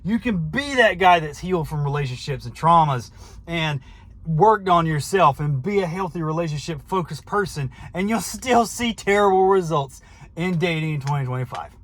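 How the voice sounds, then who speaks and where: A man's voice: a little high, animated, normal speed, a bit bright. A middle-aged man talking casually to the camera from inside his vehicle, rambling and defensive, often restarting his sentences. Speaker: vlogger, trucker.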